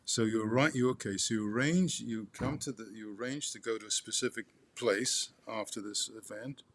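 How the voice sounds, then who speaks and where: A man reading a memoir aloud to his father, halting with restarts and turning asides to the listener as "you". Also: lowish voice.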